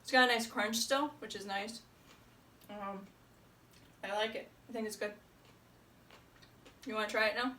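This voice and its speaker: A woman vlogging casually at home, chatty and relaxed, laughing often between remarks. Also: medium pitch, normal speed, long pauses, slight background noise. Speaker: homesteading vlogger. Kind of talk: casual chat to camera. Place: home kitchen indoors.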